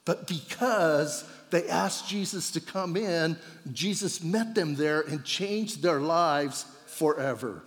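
A male pastor delivers a lively, conversational sermon, acting out the quoted lines as he goes. His voice sits high for a man. It rings with the long reverb of a large church hall. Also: slow pace. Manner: conversational, animated, acts out quoted dialogue.

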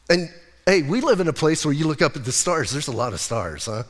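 A man's voice: fairly high pitch, expressive, fast talker. A male pastor preaching a sermon in a conversational way, teasing his congregation. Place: church sanctuary. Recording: long hall reverb.

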